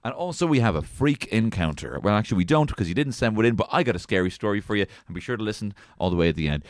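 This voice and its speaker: A man's voice: on the low side, very fast, few pauses, dry recording, clean studio sound. A man with an Irish accent co-hosting a comic podcast in playful, jokey banter. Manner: playful, jokey, lively delivery. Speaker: podcast co-host.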